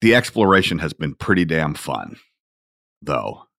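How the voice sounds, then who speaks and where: Male podcast host, deep voice, reflective storyteller with an unhurried delivery. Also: sing-song, gravelly, fairly bright tone, no room sound, clean studio sound. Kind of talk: casual podcast talk.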